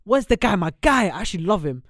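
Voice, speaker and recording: Young male podcast co-host, slightly high voice, joking and rambling, dry close sound. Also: very animated, a bit bright, no room sound. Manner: quick, joking, rambling banter. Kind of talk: casual chat.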